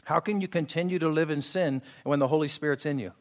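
A man's voice: fairly high pitch, fast talker. A man pastor preaching a sermon in a conversational way, acting out quoted voices and asking his listeners if they follow. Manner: conversational preaching, acts out quoted voices, asks the congregation for agreement.

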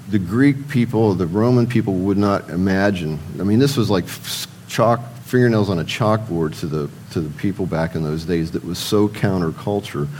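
A low-pitched man preaches in an easygoing, conversational way. He poses rhetorical questions and answers them himself, and at times turns to speak straight to the men listening. A faint noise sits under the recording. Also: a little mellow, low-quality recording. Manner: addresses the men in the audience directly. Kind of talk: sermon.

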